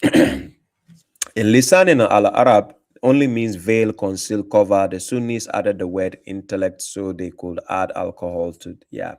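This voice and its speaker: A man's voice: deep voice, a little slow, a little mellow. A man hosting a livestream, combative and mocking, repeating himself for emphasis. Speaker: livestream host answering comments. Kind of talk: casual livestream talk.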